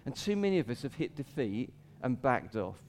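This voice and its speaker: Preaching informally, a male pastor chuckles between points, climbs high for quoted outcries, and drops soft and low for scripture. His pitch swings widely, his speed is normal, and there's slight background noise.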